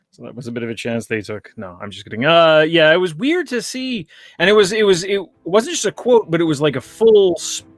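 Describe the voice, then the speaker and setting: A man co-hosting a film podcast, chatting casually in a halting way with many fillers. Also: a little high, big pitch swings, no echo. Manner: hesitant, halting, fills with uh and like. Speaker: podcast co-host. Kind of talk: casual chat.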